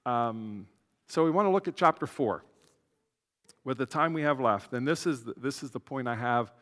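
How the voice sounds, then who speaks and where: A man's voice: mid-range voice, lively intonation, moderate pace, a bit bright, in a large hall. A man pastor giving a conversational sermon, with asides and self-corrections.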